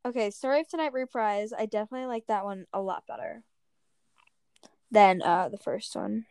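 A woman's voice: mid-range voice, normal speed, darkish tone, clear, resonant tone, no room sound, studio quality. A young woman co-hosting a casual podcast, chatting about songs with lots of "like" fillers. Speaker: podcast co-host. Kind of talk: casual chat reviewing songs.

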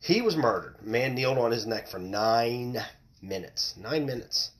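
Guy ranting solo on his podcast, blunt, cussing a lot, mid pitch. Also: lively intonation, unhurried. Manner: blunt, heavy swearing, heated. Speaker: podcast host. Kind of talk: solo opinion rant.

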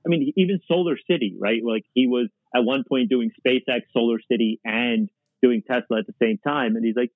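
A man's voice: medium pitch, brisk, no room sound, narrow, tinny audio. A man talking casually as a podcast guest, rambling with lots of "like" and restarts. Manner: rambling, heavy use of "like", restarts often. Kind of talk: casual conversation.

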